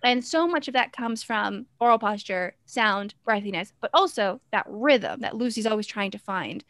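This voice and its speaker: A woman's voice: medium pitch, lively intonation, normal speed, fairly bright tone, dry recording. A young adult woman performer talking in an interview with a staccato, teacherly rhythm, stopping abruptly and coming back in. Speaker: character performer. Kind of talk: interview conversation.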